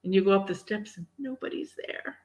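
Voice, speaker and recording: Woman co-host, medium type, animated storyteller who slips into character voices. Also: medium pitch, brisk. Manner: animated, acts out voices in her stories. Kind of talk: casual chat answering viewer questions.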